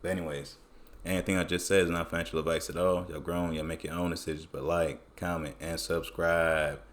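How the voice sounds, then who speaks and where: He speaks briskly in a low voice, walking through crypto price charts in a casual screen recording. His phrasing stays loose, relaxed, and colloquial.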